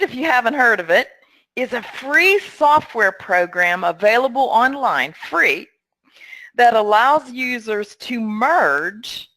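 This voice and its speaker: A middle-aged woman presenting a training webinar in a friendly, upbeat and clear way. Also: medium pitch, fairly bright tone, dry recording, low-quality recording.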